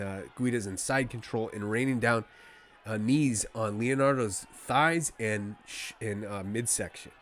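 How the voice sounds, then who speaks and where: A medium-pitched man streams a fight with casual, excitable play-by-play. He rambles like a fan and speaks to the chat in between calls.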